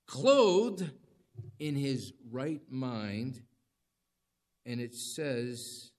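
A man preaching a sermon in a conversational, dramatic way, with rising emphasis. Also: medium pitch. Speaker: pastor.

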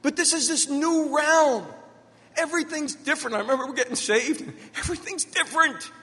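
A man's voice: extremely high pitch, fairly quick, sharp tone. A middle-aged man preaching a sermon as pastor, driving his points home with emphatic repetition and personal stories. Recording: long reverb of a hall.

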